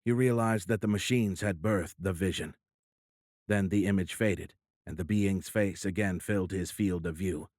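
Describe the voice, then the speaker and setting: Male audiobook narrator, low voice, steady and measured, dry close-mic studio sound. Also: no room sound. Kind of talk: scripted narration.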